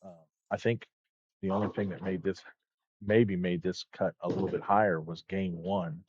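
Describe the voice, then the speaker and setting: A man with a very low, husky voice chimes in as co-commentator on a bowling stream, loose and chatty in his phrasing. The sound is dry and a little dull, like a lo-fi stream mic. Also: steady tone, moderate pace, a little mellow, no room sound. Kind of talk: casual sports commentary chat.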